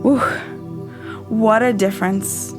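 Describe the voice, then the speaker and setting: Calm woman reading a horror story. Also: on the high side, slow. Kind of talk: scripted horror narration. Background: loud music.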